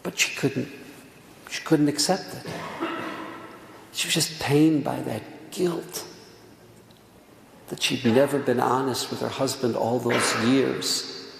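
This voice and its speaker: A man's voice: mid-range voice, fairly even intonation, slow, gravelly, long pauses. A middle-aged man, a rabbi giving a Tisha B'Av sermon, telling stories earnestly and repeating words for emphasis. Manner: earnest storytelling, repeats words for emphasis, drops to near whisper. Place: synagogue hall. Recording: echoey hall, faint room noise.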